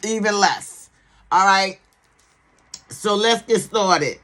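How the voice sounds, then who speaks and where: A woman reviews a TV series in casual, sassy commentary. She repeats herself for emphasis and keeps checking that the listener is with her. Her voice sits at a middle pitch. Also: slow, sharp tone. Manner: sassy, emphatic, keeps asking "okay?" for agreement.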